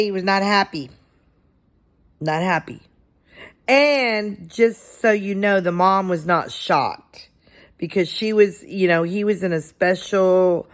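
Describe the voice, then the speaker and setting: A woman's voice: mid-range voice, slow. A woman, a substitute teacher, casually telling a story from her classroom and acting out what she and a child said.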